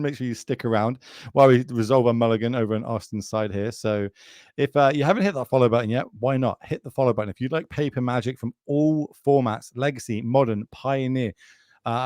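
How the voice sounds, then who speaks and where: A man's voice: mid-range voice, darkish tone, no room sound, clean studio sound. A man with a British accent doing chatty, jokey live commentary on a card game and speaking straight to viewers.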